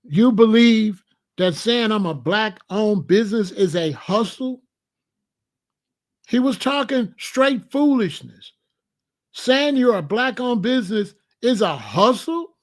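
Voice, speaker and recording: A man's voice: high-pitched, lively intonation, slow. A man hosting a reaction commentary, arguing his point through repeated rhetorical questions. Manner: argumentative, piling up rhetorical questions. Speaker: commentary host.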